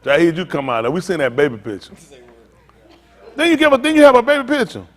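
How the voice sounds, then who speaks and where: Animated older man telling jokes. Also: high-pitched, fast talker, long reverb tail. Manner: animated, teasing, loose and joking. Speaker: pastor. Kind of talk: comedic storytelling to a group.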